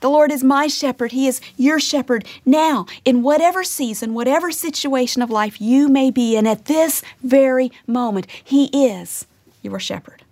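A woman teaching a sermon, earnest, often dropping to a hushed whisper to stress a point. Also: high-pitched, normal speed, dry recording. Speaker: Bible teacher.

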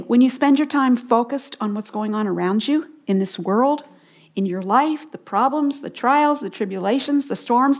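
A woman with a voice pitched a little high, teaching the Bible on a radio broadcast. She speaks earnestly and with emphasis, repeating her key phrases. At moments she falls to a soft hush to stress a point.

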